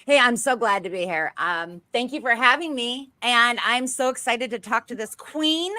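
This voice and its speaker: A woman's voice: fairly high pitch, moderate pace, pushed and bright, no room sound. A woman co-hosting a show, chatting in a bubbly way and rambling through her questions. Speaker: co-host. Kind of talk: casual interview chat.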